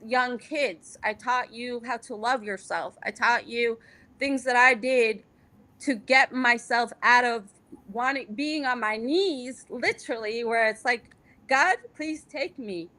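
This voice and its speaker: A woman's voice: fairly high pitch, a little slow, sharp tone. A middle-aged woman from Afghanistan, a guest in a candid interview, speaking with passion and repeating phrases for emphasis.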